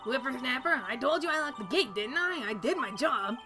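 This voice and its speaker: A woman's voice: on the high side, moderate pace, close to an everyday voice. A woman voicing a chatty, nosy old woman security guard who drawls and calls everyone dearie. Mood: indignant. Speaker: streamer reading game dialogue. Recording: game music behind.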